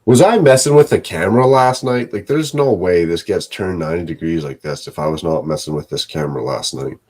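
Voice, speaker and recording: A deep-voiced man talks casually to his live-stream chat from his home setup. His voice is low and somewhat husky, and he rambles, curses and mutters to himself as he goes. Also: a little fast, a little mellow. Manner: rambling, swearing, talking to himself. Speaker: live streamer building sets.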